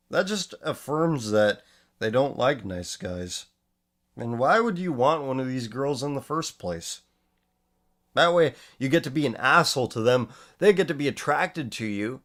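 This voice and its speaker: A man hosting a casual commentary show, reading posts aloud and mocking them with sarcastic, profane remarks; he is losing his voice. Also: mid-range voice. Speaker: host.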